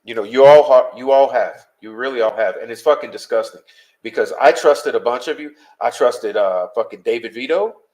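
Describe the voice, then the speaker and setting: Addressing his chat head-on, this male podcast host swears liberally and sounds blunt and worked up on his live-stream. His voice is mid-pitched with a somewhat dark tone, moving at a normal speed in an unpolished, conversational way.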